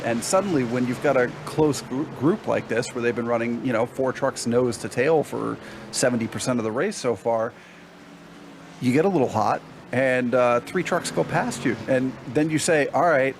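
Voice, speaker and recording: A man giving relaxed, explanatory color commentary on a sim race, breaking down passes and racing lines. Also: medium pitch. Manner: relaxed, explanatory analysis with fillers. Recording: noticeable background noise.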